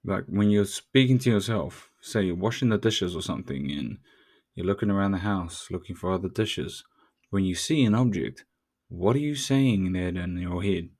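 A man from New Zealand with a matching accent and a fairly low voice, hosting a casual podcast monologue. He talks straight to the listener in loose, slangy, profane speech. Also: normal speed, a little mellow. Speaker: podcast host.

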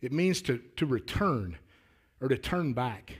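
A lay preacher delivers a sermon in a folksy, earnest manner, his mid-range voice slightly rough and very animated yet unhurried. He often repeats words as he begins a thought, then builds toward louder, emphatic declarations.

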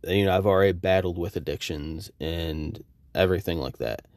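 A man in his thirties, hosting a podcast and telling a story in a casual, profane, animated way, acting out the quoted exchanges. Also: low voice, normal speed, no echo, studio quality. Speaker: podcast host.

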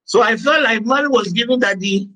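Male teacher, high-pitched, deliberate dictation and joking asides. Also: sharp tone, poor audio. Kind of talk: teaching session.

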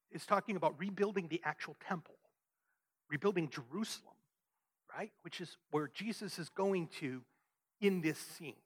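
Animated preacher man, high lively voice. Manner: emphatic, rhetorical questions, frequent "right?". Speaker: pastor. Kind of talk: sermon.

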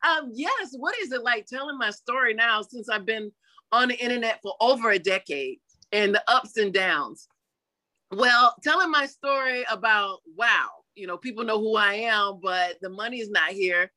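A woman being interviewed in a casual chat, telling her story animatedly and acting out quotes in lively voices. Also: fairly high pitch, moderate pace, dry recording. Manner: chatty, with frequent "you know" fillers. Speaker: interview guest.

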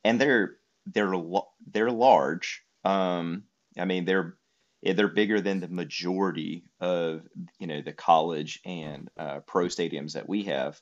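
Deep-voiced man, rambling. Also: fairly even intonation, unhurried, highs cut off. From United States. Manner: rambling storytelling with many fillers. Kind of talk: casual conversation.

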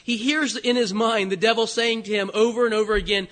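A man preaching a sermon to a congregation in an animated, conversational way. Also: high-pitched, fairly quick, hardly any pauses. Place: church sanctuary. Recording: hall reverb.

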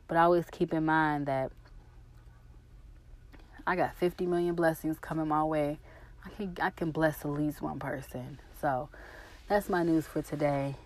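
A woman with a notably low voice talks straight to her camera in a loose, personal vlog. She rambles, gets emotional and swears freely, and sounds like a young adult. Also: a little mellow. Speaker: vlogger. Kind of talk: casual personal vlog talk.

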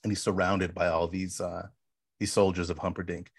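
A man co-hosting a podcast, casually retelling film scenes with lively quoted lines and frequent "bro". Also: deep voice, moderate pace, husky, no room sound, clean studio sound. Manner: animated storyteller, says "bro" often. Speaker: podcast co-host.

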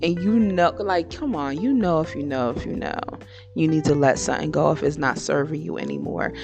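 A woman hosts her own podcast with a lowish voice full of gravelly fry. She gives frank, slangy advice in a loose, conversational monologue. Faint music plays underneath. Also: a little fast, muffled recording. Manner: frank, slangy and animated, switching into impressions. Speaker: podcast host. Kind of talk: casual motivational monologue.

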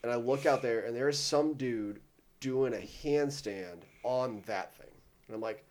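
A young man in his twenties, a podcast host, telling a rambling, swear-filled story and putting on animated voices for the people in it. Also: mid-range voice, unhurried. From Ohio. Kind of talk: casual storytelling.

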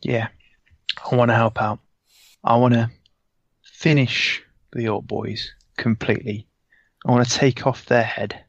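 A man's voice: medium pitch, little pitch movement, unhurried, gravelly, long pauses, dry recording. A laid-back, cocky man playing his character in a tabletop game. He keeps calling others mate. His mic sounds dull and very dry. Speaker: player.

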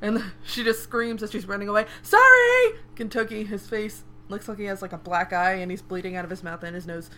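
A woman's voice: mid-range voice, little pitch movement, fast, hardly any pauses. A young woman co-hosting a podcast, playfully recapping a manga with frequent laughs. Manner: playful, laughs often, shouts out character lines. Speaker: podcast co-host. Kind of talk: casual chat recapping a manga.

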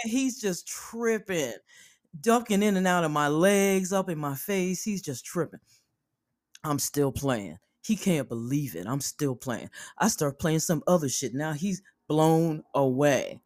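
A woman host telling a personal story in an animated way, swearing freely and acting out the people in it. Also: deep voice, no room sound, clean studio sound. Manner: animated, profane, acts out the people in her story.

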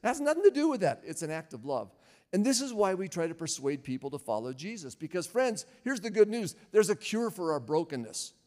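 A man's voice: high-pitched, very animated, fairly quick, darkish tone. Older male pastor preaching in a reverberant hall. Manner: conversational, asks the audience questions. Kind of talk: sermon.

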